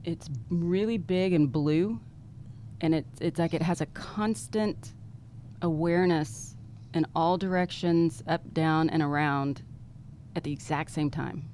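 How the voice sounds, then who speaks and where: A woman's voice: deep voice, fairly even intonation, measured pace, darkish tone, a little hiss or hum. A woman describing inner visions in a casual spiritual chat, rambling and imaginative.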